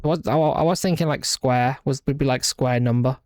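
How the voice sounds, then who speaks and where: A man's voice: medium pitch, darkish tone. Puzzled man muttering through a puzzle. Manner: puzzled, muttering, halting restarts. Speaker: streamer playing a horror game. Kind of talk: live gameplay commentary, thinking aloud.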